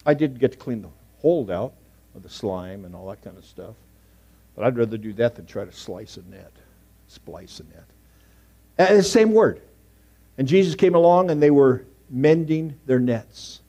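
Middle-aged male pastor preaching in church, anecdotal, shifts from loud to near-whisper. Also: medium pitch, animated, moderate pace. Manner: storytelling, swings from loud emphasis to hushed asides. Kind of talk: sermon. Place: church sanctuary.

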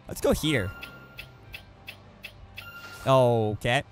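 Rambling man streaming a game, lively pitch. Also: slow pace, pauses often, soft background music. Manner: rambling, self-correcting with many restarts. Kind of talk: casual gameplay commentary.

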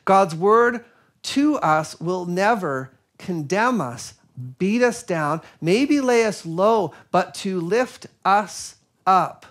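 A man giving a sermon, telling a personal story in an earnest, reflective way with soft pauses. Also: sits high, expressive. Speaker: preacher.

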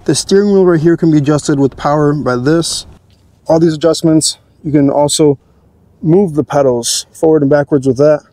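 A man's voice: on the high side, normal speed, dark tone, dry recording. A young man hosting a car channel, giving an easygoing, chatty walkthrough of his car's features.

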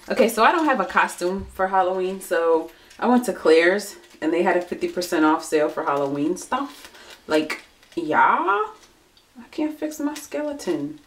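A young woman chatting casually into her home camera, scattered and self-mocking, swinging from loud bursts to low mutters. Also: slight background noise. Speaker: vlogger. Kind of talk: casual vlog chat.

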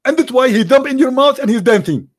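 A man's voice: very high-pitched, expressive, quick pace, pitched above the performer's own voice. A man putting on the voice of a pompous, overconfident preacher who declares every answer certain. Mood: declaiming.

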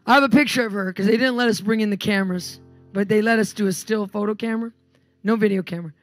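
At a live church meeting, a woman with a medium-pitched voice preaches fast, faint music in the background. Her sermon mixes emphatic, animated healing stories with commanding prayer for healing.

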